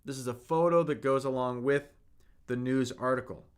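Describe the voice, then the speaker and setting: A man's voice: mid-range voice, fairly even intonation, moderate pace, clear, resonant tone. A man teaching Mandarin on a live stream, upbeat and talking to viewers in the chat while he repeats vocabulary. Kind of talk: live-streamed language lesson.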